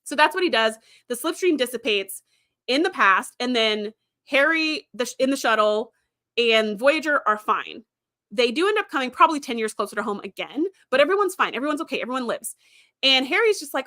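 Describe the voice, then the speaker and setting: A woman's voice: high voice, expressive, a little fast, bright, forceful tone. A woman host recapping episodes in a chatty way, with fillers and quoted lines acted out. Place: streaming setup.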